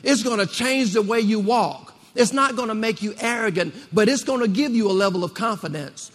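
A man's voice: sits high, fairly quick, a bit bright. A man preaching a rousing sermon to a congregation, repeating phrases and calling for responses. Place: church. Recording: long reverb of a church hall.

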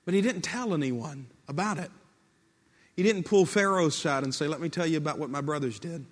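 A man's voice: a little high, brisk. A man preaching a sermon in a storytelling way, acting out quoted speech and building to impassioned peaks. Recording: long hall reverb.

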